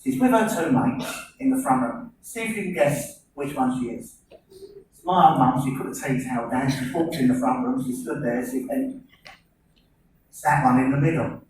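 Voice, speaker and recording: A man's voice: mid-range voice, moderate pace, darkish tone. A man, doing rambling stand-up comedy and teasing audience members by name. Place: live comedy venue with audience laughter. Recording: echoey venue, distant mic, noisy audience.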